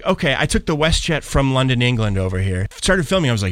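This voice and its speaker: A man's voice: medium pitch, big pitch swings, a little fast, few pauses, fairly bright tone, dry recording. A man from Pittsburgh, a guest on a radio show, chatting with enthusiasm and laughing as he acts out what people told him. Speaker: guest, traveling content creator. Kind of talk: casual interview chat.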